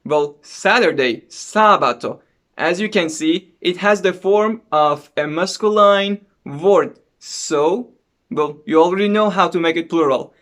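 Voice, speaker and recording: Man teaching a language lesson. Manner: explains slowly and clearly, with lively pitch on examples.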